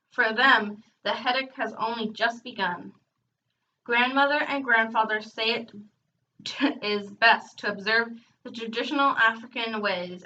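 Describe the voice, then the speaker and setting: A woman's voice: a little high, slight background noise. Woman reading a children's book aloud. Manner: expressive reading with casual chatty asides. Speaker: reader hosting a read-aloud channel. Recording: dull, distant home recording.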